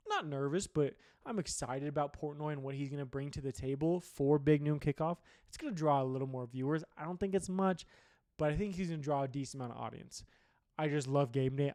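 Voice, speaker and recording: A man's voice: on the high side, a little mellow, no echo, studio quality. A man hosting a sports show, giving blunt, profane opinions in a rambling solo rant. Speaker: sports podcast host.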